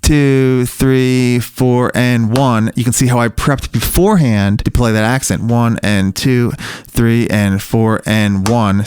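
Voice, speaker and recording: A man teaching drum technique in a recording studio, counting beats out loud in an easygoing way as he plays. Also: medium pitch, no room sound. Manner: relaxed, counts beats aloud while playing. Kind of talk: instructional demonstration with counting. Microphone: studio mic near the drum kit.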